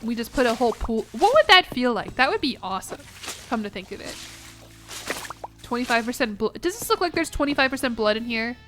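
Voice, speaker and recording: A woman's voice: fairly high pitch, lively intonation, fairly quick, fairly bright tone, faint music behind. A young American woman streaming a game, chatting in a rambling way with lots of restarts, a bit congested. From United States. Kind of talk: casual gaming stream chat.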